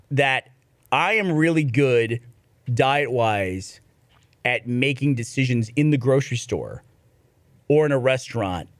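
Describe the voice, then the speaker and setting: A man's voice: medium pitch, dry recording. A man co-hosting a podcast in casual chat, joking and telling stories. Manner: animated, joking storyteller. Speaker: podcast co-host.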